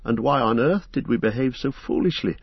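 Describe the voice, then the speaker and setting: A man voicing a cautious, earnest young male hobbit in an audiobook, raising his pitch above his own. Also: expressive, fairly quick, gravelly, slightly rough, dry recording, highs cut off. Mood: anxious. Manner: wary, earnest, indignant. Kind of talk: audiobook character voice.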